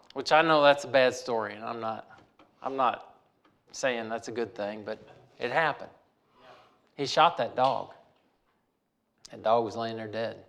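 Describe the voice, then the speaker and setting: A man's voice: medium pitch, creaky, a bit bright. A man telling a personal story in a folksy way, repeating phrases for emphasis.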